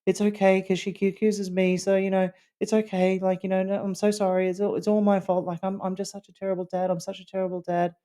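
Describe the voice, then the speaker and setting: Guy doing a beaten-down older dad voice, way higher than his own, apologizing over and over. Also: completely flat delivery, fast, few pauses, warm tone, clean tone, close to an everyday voice. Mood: pleading. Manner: pleading, repeats apologies in a rush. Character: grovelling older father-in-law, broken and self-blaming.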